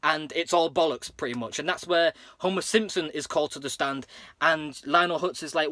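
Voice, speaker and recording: A man's voice: on the high side, normal speed, pushed and bright, no echo, clean studio sound. A man casually recapping a cartoon episode plot, rambling with lots of fillers and restarts. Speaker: episode reviewer.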